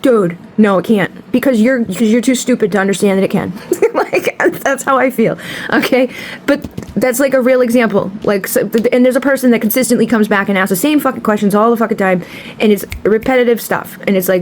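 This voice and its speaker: A woman reads tarot cards to camera in a blunt, passionate way, swearing freely as she talks. Her voice sits a little high. A faint hiss runs under it. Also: animated, brisk. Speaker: tarot reader. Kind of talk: tarot card reading to camera.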